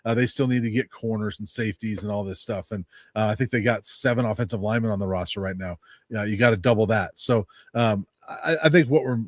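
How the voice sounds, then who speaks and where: A man who covers college football as a beat writer, explaining his view as a guest in a calm, measured way. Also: lowish voice, dry recording, clean studio sound. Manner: measured, explanatory, many fillers. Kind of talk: sports analysis, casual.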